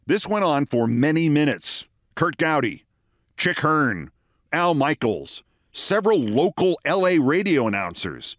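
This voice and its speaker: Casting: man in his 60s, wry host, lively intonation, dry close sound with no room echo. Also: a little high, unhurried. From the Bronx, New York. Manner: wry, dry, precise delivery. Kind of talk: storytelling monologue.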